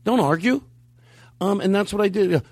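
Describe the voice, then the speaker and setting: A man hosting a podcast in casual chat, rambling and animated, jumping his voice up high when he quotes people. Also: moderate pace, no room sound. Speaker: podcast host. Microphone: studio mic.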